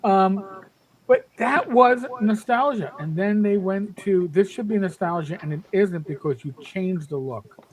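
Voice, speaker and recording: A man's voice: high-pitched, measured pace, poor audio. A man in his fifties chatting on a panel podcast, emphatic and rambling, with many restarts. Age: 50s. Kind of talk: casual panel chat.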